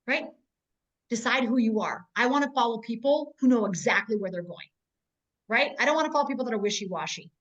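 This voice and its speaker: High-pitched woman in her forties, blunt tough-love sales trainer, muffled video-call sound. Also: fast, fairly bright tone. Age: 40s. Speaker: network marketing trainer. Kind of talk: motivational business training.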